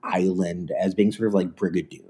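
A man's voice: low voice, fairly even intonation, fairly quick, warm tone. A man co-hosting a film podcast, retelling a movie's plot in a sarcastic, storytelling way with many fillers. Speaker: podcast co-host. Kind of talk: casual film-review chat.

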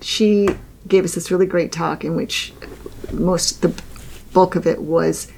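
A woman's voice: fairly low pitch, steady tone, unhurried, gravelly, a little mellow, slight background noise. A woman co-hosting a podcast, chatting casually, laughing often and restarting her sentences. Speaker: podcast co-host. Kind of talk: casual chat.

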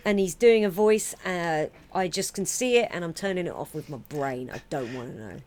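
A woman in her thirties co-hosting a casual review podcast, lively, laughing and swearing freely. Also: fairly low pitch, moderate pace. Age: 30s. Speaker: podcast co-host. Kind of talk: casual film review chat.

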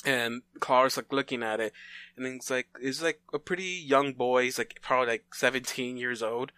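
A man's voice: medium pitch, fairly even intonation, moderate pace, sharp tone, smooth, no echo. A man casually retelling a made-up story plot, rambling with fillers and restarts and briefly voicing the characters in quotes.

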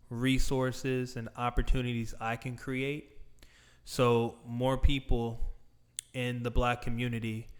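A man giving an earnest monologue straight to his viewers, deliberate and emphatic, drawing out the words he stresses. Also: mid-range voice, clear, resonant tone. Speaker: speaker addressing viewers. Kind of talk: earnest direct-address monologue.

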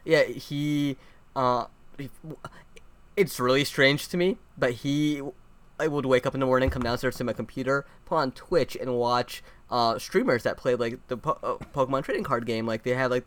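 A man co-hosting a podcast, telling personal stories in a relaxed, hesitant way. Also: mid-range voice, moderate pace. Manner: relaxed storyteller, hesitant with fillers. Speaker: podcast co-host. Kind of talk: casual chat.

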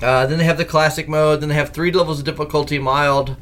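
A man hosting a casual gaming podcast, telling stories in a lively way and laughing often. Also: a little high, fast talker. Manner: animated storyteller who laughs often. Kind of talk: casual chat.

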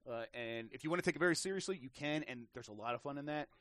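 A man's voice: medium pitch, very fast, no echo. A man in casual podcast chat about games, telling stories with lots of restarts and acted-out quotes. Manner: animated storyteller, many restarts, acts out quotes.

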